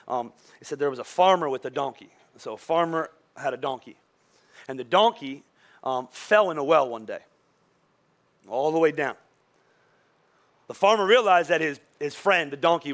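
A male pastor preaching a sermon, telling stories in an animated way with frequent restarts. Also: on the high side.

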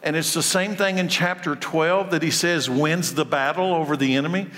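A man preaching a sermon, his delivery lively and swinging between loud and soft. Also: on the high side, normal speed. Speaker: pastor. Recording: long hall reverb.

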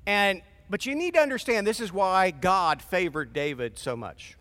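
A man's voice: high-pitched, animated, moderate pace, a bit bright. A pastor preaching a sermon in a casual, conversational way, acting out voices as he goes. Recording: long reverb of a large hall.

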